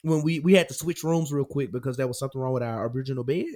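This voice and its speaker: A man's voice: medium pitch, racing, a little mellow. A young man co-hosting a podcast in casual chat, telling stories with lots of laughter and animation. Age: young adult. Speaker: podcast co-host.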